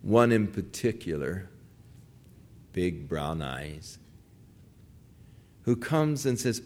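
Older male preacher, sermon storyteller, slow delivery with a lively, swooping pitch. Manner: storytelling, acts out pleading voices.

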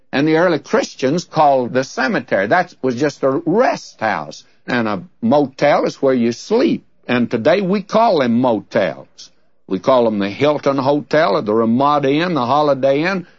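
Folksy male preacher, lively dry lo-fi voice. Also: medium pitch, no echo. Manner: folksy storytelling with rhetorical questions. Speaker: Bible teacher. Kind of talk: conversational radio sermon. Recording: dull, dry lo-fi recording.

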